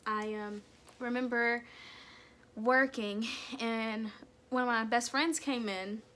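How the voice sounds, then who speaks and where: A woman's voice: fairly high pitch, fairly even intonation, slow pace. A young woman vlogging a candid personal story in casual speech, full of "like" and "kinda" fillers. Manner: candid, soft-spoken about hard memories.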